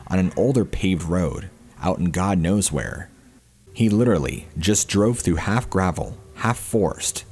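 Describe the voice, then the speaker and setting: A man narrating a first-person horror story in a steady storytelling manner. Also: low voice.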